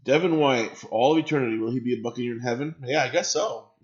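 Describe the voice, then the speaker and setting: A man's voice: mid-range voice, fast talker, dull audio. A man hosting a casual live stream, chatting and reacting to viewer comments and swearing freely.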